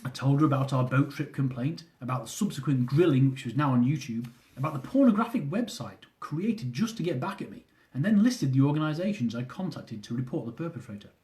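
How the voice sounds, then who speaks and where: A man reading his own comic travel memoir aloud, with animated delivery. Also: medium pitch, brisk, few pauses. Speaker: author.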